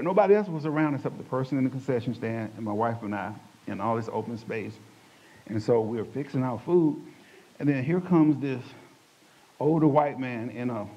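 A man, a pastor telling his testimony in an animated, colloquial way, acting out the quotes. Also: mid-range voice. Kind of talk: personal testimony storytelling. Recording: dull lo-fi recording.

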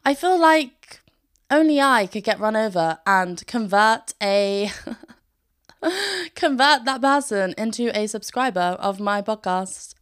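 A young woman hosts a podcast from her bedroom floor, chatting casually in a bubbly, oversharing way and laughing often between sentences. Her medium-pitched voice has lively intonation and a slightly bright, clean tone, and she takes her time.

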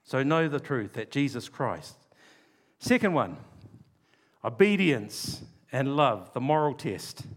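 A man preaching a sermon, stressing key words by slowing down and dropping low and quiet for asides. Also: sing-song.

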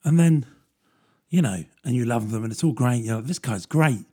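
A man's voice: medium pitch, fairly quick, mellow, breathy edge. A man, rambling through a casual solo podcast with plenty of fillers and self-deprecating asides. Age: 30s. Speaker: podcast host.

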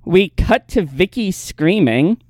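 A man's voice: sits high, slow pace, no echo, studio quality. A man hosting a podcast, casually recapping episodes and laughing easily between points. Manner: relaxed storyteller, laughs easily. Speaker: podcast host.

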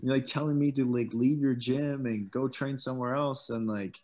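A man's voice: medium pitch, fairly even intonation, normal speed, darkish tone. Laid-back man telling gym stories. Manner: laid-back, swears freely, laughs while telling stories. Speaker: former pro football player, guest. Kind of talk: casual storytelling chat.

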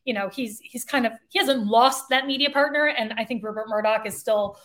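A woman's voice: a little high, fairly quick, a bit bright. A woman co-hosting a podcast, chatting casually about politics in an opinionated, sarcastic way. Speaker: podcast co-host.

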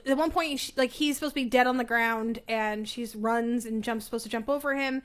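A woman's voice: fairly high pitch, brisk. A woman co-hosting a podcast in casual chat, rambling, trailing off and filling with "like". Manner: chatty, trailing off with "like" and "I don't know". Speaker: podcast co-host.

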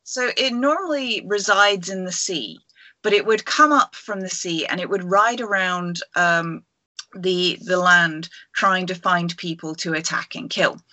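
A woman's voice: lowish voice, a little slow, bright, forceful tone, dry recording. A woman co-hosting a casual podcast over a video call, rambling enthusiastically through a creature legend with many fillers. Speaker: podcast co-host. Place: at home.

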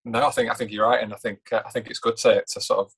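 A man with a low voice and a flat, level delivery. He talks football casually, in a measured and hesitant way, and he often pauses to gather his words. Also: vocal fry, husky. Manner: measured, hesitant, many fillers and restarts. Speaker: podcast co-host.

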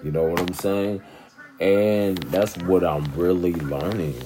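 A man's voice: deep voice, takes it slowly, over music. A man talking casually to his viewers in a laid-back, rambling way, often checking in with them. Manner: laid-back, rambling, keeps asking "you know what I'm saying". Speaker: vlogger. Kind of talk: casual talk to camera.

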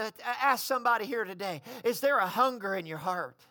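A man's voice: high voice, lively intonation, fairly quick, hardly any pauses, no room sound, studio quality. A man preaching a sermon, telling a story and calling the congregation to respond. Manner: storytelling, rising to shouted fervor.

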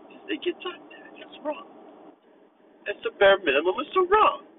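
A man's voice: very high-pitched, big pitch swings, moderate pace. A man delivering an absurd, mock-motivational comedic monologue in a put-on voice while driving, recorded inside a car. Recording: tinny phone-like audio with faint road noise.

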